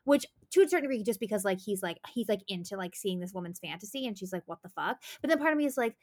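A woman's voice: mid-range voice, expressive, racing, a little mellow. A young woman co-hosting a podcast, talking casually and rambling, with lots of "like" and swearing as she acts out quotes. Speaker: podcast co-host. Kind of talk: casual chat.

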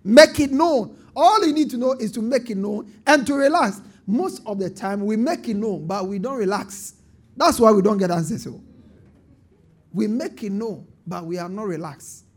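A man's voice: high-pitched, expressive, normal speed. A man preaching a sermon as pastor, calling on the congregation to answer and building to emphatic bursts. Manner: call-and-response preaching with rising emphatic bursts.

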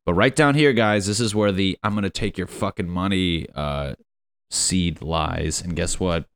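Low-voiced man on a profane rant. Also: measured pace, clear, resonant tone, dry recording, clean studio sound. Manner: profane, rambling, mocking. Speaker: podcast host. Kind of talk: casual comedic rant.

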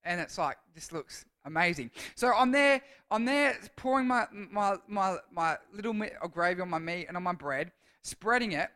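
A man's voice: high-pitched, lively intonation, normal speed, bright, forceful tone, clean tone. A man with an Australian accent giving a casual sermon, telling a rambling story and often correcting himself as he goes. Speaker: youth speaker.

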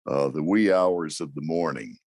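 A man's voice: extremely low pitch, normal speed, vocal fry, dry recording. An older man hosting a podcast, introducing guests with anecdotes and chatting casually. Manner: warm anecdotal introductions, chuckles often. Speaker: podcast host. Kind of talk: casual interview chat.

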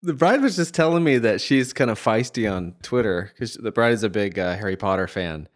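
A man co-hosting a casual podcast who chats in an animated way and laughs easily. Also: fairly low pitch, brisk. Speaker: podcast co-host. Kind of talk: casual chat.

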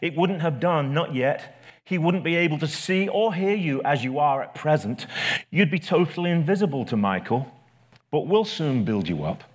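A man voicing a gentle bright spirit, a brother who speaks in a calm, coaxing way. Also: a little high, moderate pace. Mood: patient.

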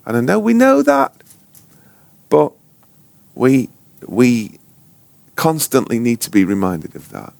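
A man leads an informal Bible lesson, trailing off and restarting his sentences and slipping in jokes. He speaks slowly with a very animated, up-and-down pitch. The sound is dry and close, with almost no room around him. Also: vocal fry, dry recording. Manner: rambling, self-interrupting, joking. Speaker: ministry school teacher.

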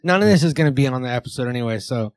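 A man with a New Zealand accent trades joking banter as a podcast co-host. His voice sits at a middle pitch. The sound is dry and close, with no room echo. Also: expressive, racing. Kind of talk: casual chat.

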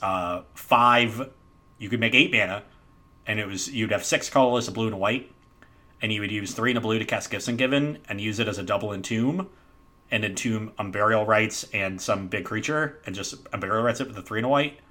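A man's voice: lowish voice, fairly quick, bright, forceful tone. A man chatting casually, matter-of-fact and knowledgeable. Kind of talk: casual chat about card games.

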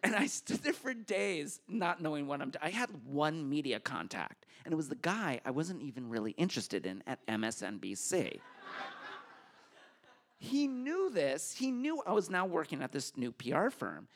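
Animated man telling a live story. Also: fairly high pitch, moderate pace, creaky. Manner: animated and self-mocking, acting out the dialogue. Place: stage at a public hall.

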